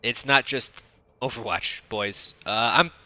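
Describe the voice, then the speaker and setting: Guy in his 30s coaching a viewer, foul-mouthed and rambly, super bright voice, mid pitch. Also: a little slow, no room sound. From United States (Detroit). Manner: profane, rambling, blunt advice; self-described monotone delivery. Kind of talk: casual coaching commentary.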